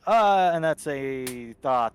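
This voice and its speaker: A man plays a tabletop game, relaxed and casual as he calls out his rolls. His voice sits at a middle pitch for a man, with faint music in the background. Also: takes it slowly. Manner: relaxed, reads out dice rolls. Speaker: player.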